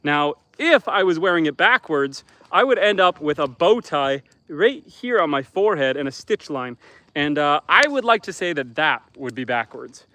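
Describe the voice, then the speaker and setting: His voice runs a little high and sing-song, pushed and bright, at a normal pace. This Canadian-accented man from Northern Canada livestreams from beside a bonfire at his off-grid homestead, easygoingly reading viewer comments and rambling with lots of ums and restarts.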